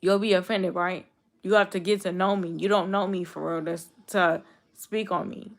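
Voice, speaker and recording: Young woman in her 20s on a stream, aave, low-ish voice, blunt and repetitive, talking back to chat. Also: fairly even intonation, moderate pace. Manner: blunt, repetitive, talks straight back to commenters. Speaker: YouTube streamer. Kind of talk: casual live-stream chat with viewers.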